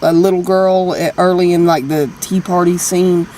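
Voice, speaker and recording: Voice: mid-range voice, little pitch movement, moderate pace, dark tone, slight background noise. A co-host in a casual movie review chat, agreeable and hesitant, with many fillers.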